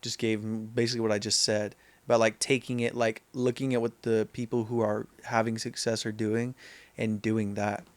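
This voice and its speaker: A man's voice: lowish voice, moderate pace, no echo. Man, casual podcast chat, storyteller, dry close sound. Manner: animated storyteller, quotes friends in put-on voices.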